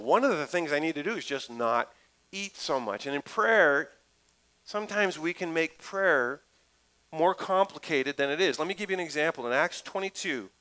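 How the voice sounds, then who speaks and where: A middle-aged man, a pastor, preaching a lively, conversational sermon full of asides and stories. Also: on the high side, rough recording.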